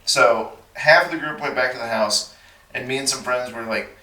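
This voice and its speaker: A man from Texas spins a casual story with a bright, forceful voice and plays out the other characters as he goes. The sound is roomy, with some reverb, and he sits back from the microphone. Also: mid-range voice, normal speed, far from the mic. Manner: animated, acts out the voices of people in his stories. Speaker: podcast guest.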